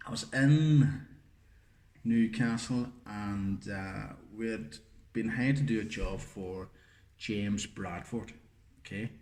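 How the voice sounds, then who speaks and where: A man's voice: lowish voice, slow pace, darkish tone, slight background noise. A middle-aged man, chatting casually as a podcast co-host and spinning a rambling, sweary anecdote. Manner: rambling storyteller, full of fillers and swearing. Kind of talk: casual chat, anecdote telling. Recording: roomy echoey room.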